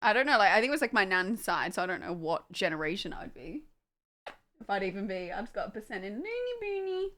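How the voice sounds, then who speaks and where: Give me a young woman chatting to her stream, bright and scattered. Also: mid-range voice, quick pace. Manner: chatty, distracted, swearing, laughing at her dogs. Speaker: livestreamer. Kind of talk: casual livestream chat. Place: at home with dogs.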